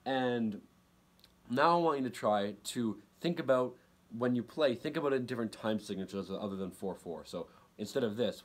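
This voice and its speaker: A man giving a casual guitar lesson, relaxed and repetitive, counting beats aloud. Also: mid-range voice, normal speed. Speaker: guitar teacher. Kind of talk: casual instructional talk. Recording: loud guitar playing behind.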